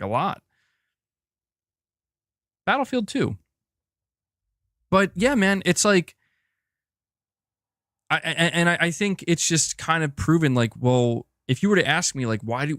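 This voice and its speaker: A man's voice: medium pitch, fairly bright tone, no room sound. Laid-back gaming youtuber guy talking to chat, cusses a bunch, mid voice, dry close mic. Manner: casual, swears, says dude and bro a lot. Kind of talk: live-stream commentary reading chat.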